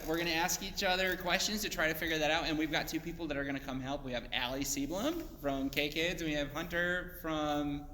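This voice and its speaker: A man hosting a casual game chat, laughing often and talking in halting, loose phrases. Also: on the high side, bright, forceful tone, echoey room, in a large hall, slight background noise. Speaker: game host.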